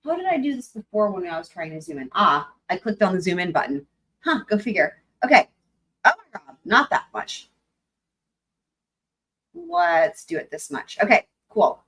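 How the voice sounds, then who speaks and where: A woman's voice: fairly low pitch, big pitch swings, moderate pace, a bit bright, breathy edge, low-quality recording. A young woman hosting a live stream, chatting casually and giggling while she talks herself through setting up. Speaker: livestream host.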